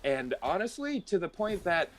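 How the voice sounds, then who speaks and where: A man's voice: high-pitched, big pitch swings, moderate pace, a little hiss or hum. A man guest on a charity stream, chatting casually with enthusiastic, emphatic fan talk. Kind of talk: casual chat.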